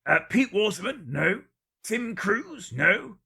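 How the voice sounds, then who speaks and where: A man hosting a live-stream guessing game, reading out viewers' guesses one by one with dry, deadpan jokes. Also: sits high, slow, vocal fry, breathy edge. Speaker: livestream quiz host.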